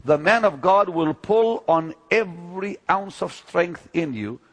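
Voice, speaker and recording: An older man preaching, telling personal stories emphatically and swinging from loud declarations to hushed moments. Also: sits high, expressive, a little slow. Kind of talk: sermon-style teaching talk.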